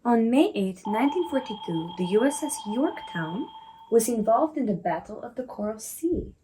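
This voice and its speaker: A woman's voice: a little high, sing-song, normal speed, noisy background. A woman playing a crew officer, sharing findings eagerly.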